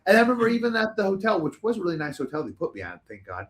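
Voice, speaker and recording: A man's voice: sits high, huge pitch swings, very fast. A man as a podcast guest telling a long, rambling story in casual chat, swearing freely.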